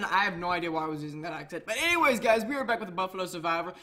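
A young man rambling excitably through casual gameplay commentary, full of fillers and restarts. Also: high-pitched, very fast, few pauses. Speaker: gaming YouTuber. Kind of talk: casual Minecraft let's play commentary.

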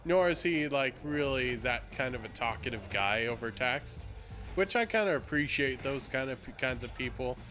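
A man's voice: mid-range voice, lively intonation, moderate pace, bright, forceful tone, faint music behind. Rambling young man, laughs easily. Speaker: gaming co-host. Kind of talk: casual chat over gameplay.

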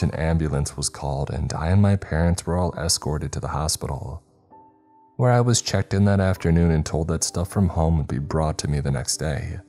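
Man, horror narration, extremely deep, dark tone, faint music behind. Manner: first-person storytelling, measured.

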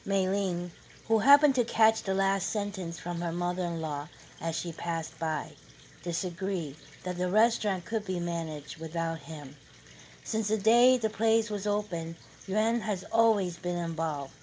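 Woman reading a novel out loud, lowish voice, steady, faint hiss behind. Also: a little slow, rough recording. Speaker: narrator. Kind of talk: novel read aloud.

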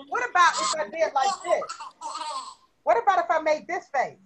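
Bright, expressive woman teacher. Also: very high voice, normal speed, slight background noise. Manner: expressive, coaxing, asks children questions. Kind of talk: classroom lesson with young children.

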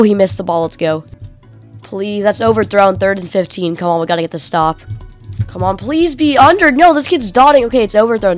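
Woman, gaming commentator, excitable slangy play-by-play, mutters then yelps, faint background music. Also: mid-range voice. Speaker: gaming YouTuber. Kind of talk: live gameplay commentary.

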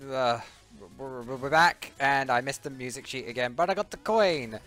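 A man doing gaming commentary, given to excited yelps and panicked exclamations. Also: mid-range voice, normal speed, soft background music. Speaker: let's play host.

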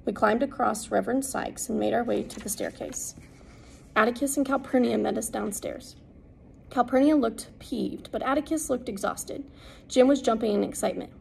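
A woman narrating an audiobook in a steady, unhurried reading. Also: on the high side, gravelly, slight background noise, poor audio. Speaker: audiobook reader.

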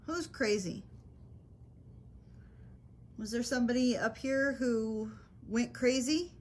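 A woman's voice: a little high, slow pace, a little mellow. A woman paranormal investigator calling out to spirits in an old hotel, speaking in a patient, coaxing, reassuring way. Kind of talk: calling out to spirits during a ghost hunt.

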